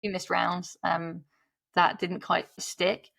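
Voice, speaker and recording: Gravelly woman sharing a story. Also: fairly low pitch, little pitch movement, takes it slowly, fairly bright tone, no echo. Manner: chatty, laughs often, self-interrupting. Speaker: podcast guest. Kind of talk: candid conversational storytelling.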